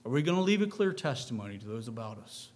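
A man's voice: mid-range voice, big pitch swings, quick pace, darkish tone, slight background noise. A man preaching a sermon in an earnest, reflective way.

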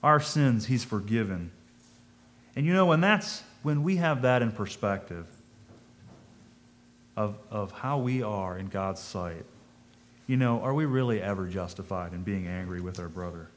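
A man's voice: lowish voice, lively intonation, unhurried, long pauses. A man giving a conversational sermon, thinking aloud, asking his listeners questions and reading scripture in old-fashioned wording. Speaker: preacher.

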